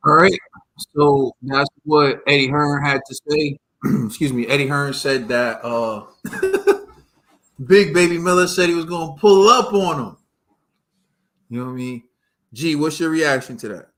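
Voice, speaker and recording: A man's voice: on the high side, measured pace, pauses often, fairly bright tone. A man from the United States hosting a boxing podcast, chatting casually and teasingly in slang. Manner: slangy, teasing, says yo and bro. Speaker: podcast host. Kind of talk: casual chat.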